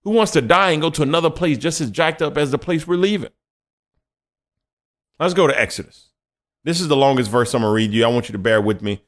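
A man's voice: fairly high pitch, expressive, fairly quick, long pauses. A young adult man preaching a conversational sermon and reading scripture, acting out quoted voices as he goes.

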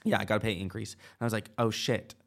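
Chatty young man with a low voice. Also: steady tone, fast talker, vocal fry, fairly bright tone. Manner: chatty, lots of "like" and quoted dialogue. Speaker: guest. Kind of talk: casual storytelling chat.

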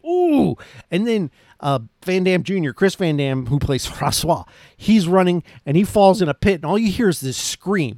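Casting: male podcast host, slightly higher voice, loose excited movie recap, dry booth sound. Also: no room sound. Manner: rambling, enthusiastic, lots of "like" and restarts.

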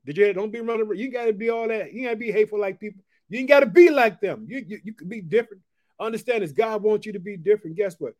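A man preaching an informal devotional Bible teaching, repeating his catchphrases, swinging between loud declarations and hushed asides, and slowing down to read scripture. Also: sits high.

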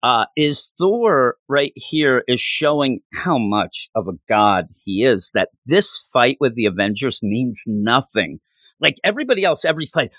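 A man's voice: mid-range voice, sing-song, normal speed, fairly bright tone, no echo. A man co-hosting a casual chat, talking with enthusiastic rambling and acting out lines from the story. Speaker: comic book podcast co-host.

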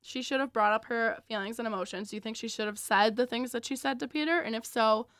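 Young woman on a podcast, measured, asks the group questions, dry close sound. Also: on the high side, a bit bright, smooth, no room sound. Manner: measured, leads discussion with questions. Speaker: podcast co-host. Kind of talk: casual chat.

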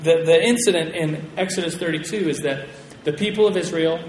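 Man, bible class teacher, slightly high voice, chatty and animated, big hall with long reverb. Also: fairly quick. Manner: chatty, animated storyteller with frequent restarts. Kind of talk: casual teaching to a group. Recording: echoey hall with long reverb, faint room noise.

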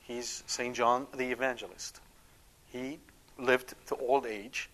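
A man's voice: medium pitch, fairly even intonation, slow pace, fairly bright tone. A man giving an emphatic Catholic teaching talk, often checking in with his listeners. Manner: acts out quoted prayers. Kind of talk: catechetical talk.

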